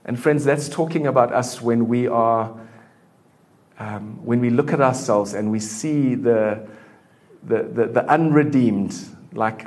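A man preaching a sermon in a church in a relaxed, conversational way, full of fillers. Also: mid-range voice, takes it slowly. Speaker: pastor.

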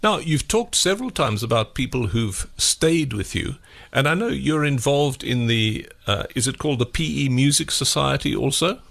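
Male radio presenter, gravelly, relaxed interviewer. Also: medium pitch. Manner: gravelly, unhurried, with frequent uhs.

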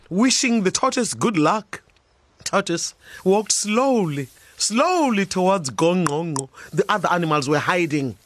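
A woman with a South African accent telling a folk tale in a playful way, laughing along as she goes. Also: medium pitch. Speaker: storyteller. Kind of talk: oral storytelling.

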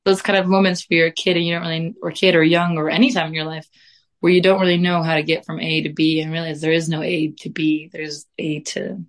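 A woman's voice: deep voice, little pitch movement, fast. A young woman, a guest musician, talking casually in an interview, rambling dreamily and laughing easily.

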